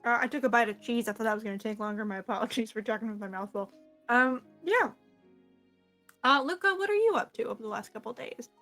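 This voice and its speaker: An enthusiastic woman narrating a tabletop game, quick to laugh and gush over her players' ideas. Her voice is fairly high. Faint music plays beneath her. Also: animated, sharp tone. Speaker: game master.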